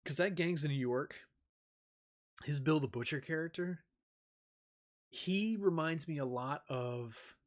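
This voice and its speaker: A man's voice: fairly high pitch, takes it slowly, pauses often. A man talking in a rambling casual chat as a streamer, swearing freely and using lots of fillers.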